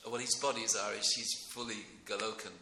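A middle-aged man gives a rambling, excitable devotional class, his gravelly voice carrying a hard, forceful edge. He chuckles often as he talks. The sound is roomy and echoey, with a faint noise underneath. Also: on the low side, fast talker. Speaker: speaker giving a devotional class. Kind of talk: informal devotional class talk.

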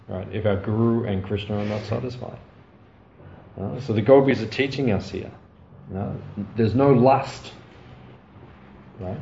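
A man giving a storytelling sermon, laughing often and tagging lines with quick asides to his listeners. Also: medium pitch, creaky, dark tone. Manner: anecdotal, laughing often, frequent "right?" asides. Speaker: spiritual teacher. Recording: dull, roomy recording with faint ambient noise.

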